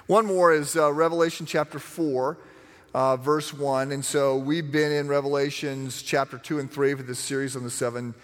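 Middle-aged male pastor, animated storyteller, slightly high voice, long hall reverb. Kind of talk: sermon.

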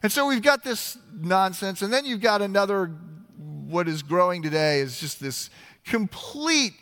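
A man's voice: high voice, lively intonation, a little slow, fairly bright tone, big-room sound. A man preaching a sermon in a conversational, emphatic way, often restarting his phrases. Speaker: pastor.

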